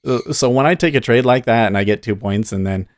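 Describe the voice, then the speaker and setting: A man's voice: medium pitch, brisk, no echo. A man hosting a live day-trading stream, thinking aloud and cheering on his trades in easy casual chat.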